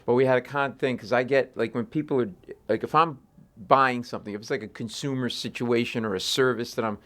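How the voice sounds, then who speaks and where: A man, a comedian, telling animated stories in an interview and acting out voices in his anecdotes. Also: medium pitch, fairly quick. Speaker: comedian guest. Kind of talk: storytelling interview chat.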